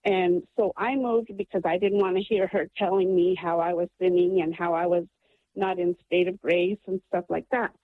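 Calling a radio program, this woman shares a lengthy personal story in earnest, with plenty of ums along the way. She speaks at a moderate pace in a lowish, steady voice over a tinny phone line, with no room sound.

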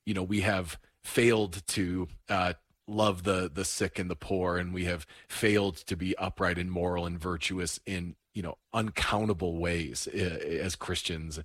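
A man's voice: low-pitched, steady tone, a little slow, fairly bright tone, no echo, clean studio sound. A man hosting a casual conversation, asking questions in a thoughtful, appreciative way. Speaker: host.

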